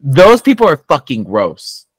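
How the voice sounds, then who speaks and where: A man's voice: a little high, huge pitch swings, measured pace, slightly rough, no room sound. A man co-hosting a podcast in casual chat, blunt and swearing freely as he rants. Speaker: podcast co-host.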